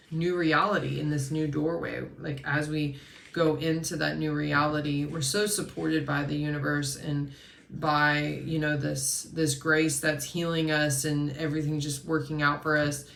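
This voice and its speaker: A woman hosting a collective card reading, talking in a soft, flowing spiritual way with frequent fillers and restarts. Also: low voice, vocal fry, echoey room, far from the mic. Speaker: host and intuitive card reader.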